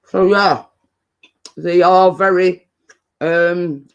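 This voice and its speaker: A man's voice: sits high, a little slow. A man with a British accent hosting a casual live-stream chat with viewers, rambling and hesitant, full of fillers and restarts, sometimes talking while eating. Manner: chatty, eats while talking.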